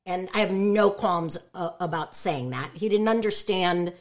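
A woman's voice: fairly low pitch, measured pace. A woman who is a voice actress and stand-up comedian, talking candidly and emphatically in an interview. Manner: animated, emphatic, outspoken.

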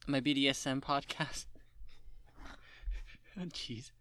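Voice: mid-range voice, fairly even intonation, slow, a bit bright. A podcast co-host in casual chat who reads out a synopsis with joking, sarcastic asides.

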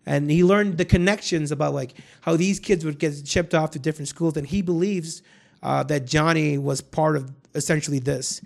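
A man's voice: on the high side, moderate pace, creaky. A man hosting a podcast, telling a story in rambling casual chat, full of restarts and swearing. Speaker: podcast host.

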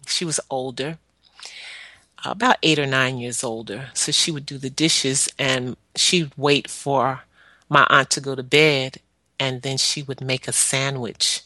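Earnest, bright-voiced woman telling her story. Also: rumbling low, dry recording. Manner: earnest, halting with frequent pauses. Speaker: guest sharing her life story. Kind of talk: personal testimony, storytelling.

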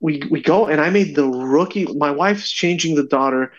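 A man, a podcast guest, chatting casually and telling stories with lively acted-out voices. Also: a little high, normal speed, lo-fi sound. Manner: animated storyteller, acts out voices. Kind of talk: casual chat.

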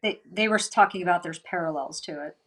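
A woman's voice: fairly low pitch, brisk. A woman co-hosting a casual film review chat, reacting in a chatty, exclamatory way. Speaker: co-host.

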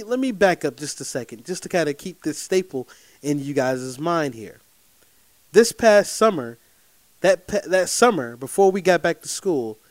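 A man telling a personal story to his viewers in an animated, emphatic way, often checking in with "okay?". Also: on the high side, no room sound.

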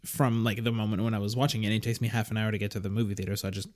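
A young man co-hosting a podcast, chatting casually and throwing in quick quips. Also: fairly low pitch, little pitch movement. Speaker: podcast co-host.

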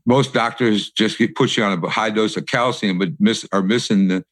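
Low-voiced male host, dry sound. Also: fairly even intonation, normal speed, dry recording. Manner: conversational, frequent short affirmations. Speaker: podcast host. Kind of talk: casual interview chat.

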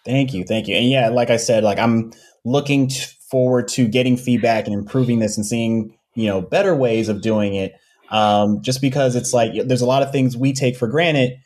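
A man, a comics creator being interviewed, talking casually about his books with many pauses and restarts. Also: mid-range voice. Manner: relaxed, many ums and restarts.

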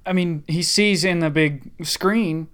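A man's voice: fairly high pitch, slow, fairly bright tone, clean tone. A man chatting casually on a podcast, enthusiastic and rambling with frequent restarts. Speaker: podcast co-host.

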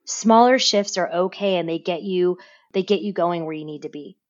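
A woman speaking as a podcast guest in casual interview talk, animated and given to repeating words as she tells her story. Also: lowish voice, moderate pace, highs cut off. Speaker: podcast guest, business owner.

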